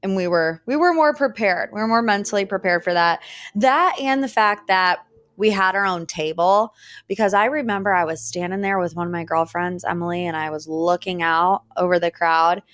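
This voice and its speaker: A woman's voice: fairly low pitch, moderate pace, no room sound, studio quality. A woman in her thirties hosting a podcast, telling stories in a chatty, dramatic way. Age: 30s. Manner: chatty, dramatic, animated storytelling. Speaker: podcast host. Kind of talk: casual solo chat. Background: faint weed whacker outside.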